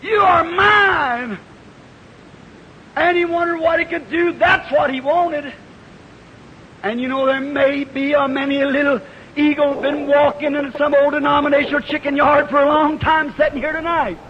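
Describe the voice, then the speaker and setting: A man preaching a revival sermon, telling a folksy story that builds into shouted fervor, heard on an old archival tape. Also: extremely high pitch, level tone, moderate pace, a little hiss or hum. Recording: dull old archival tape in a reverberant hall.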